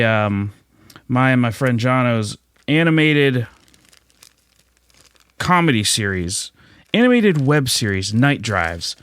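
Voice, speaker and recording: A young male podcast host chats casually and brashly, swearing freely and teasing his co-host. His voice sits at an ordinary mid pitch. The recording is dry and close. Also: a bit bright, no echo. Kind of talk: casual chat.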